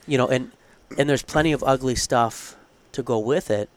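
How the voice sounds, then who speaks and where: A college theology professor co-hosts a casual podcast, speaking at a moderate pace in a mid-range voice. His delivery is loose and unscripted, conversational and earnest, as he thinks aloud and drifts into asides.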